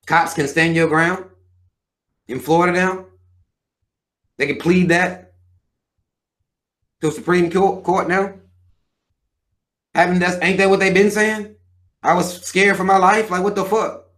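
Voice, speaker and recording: A man's voice: high voice, fairly even intonation, measured pace, long pauses, a bit bright. A man in his thirties hosting a live show, ranting bluntly and with plenty of profanity. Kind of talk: livestream rant.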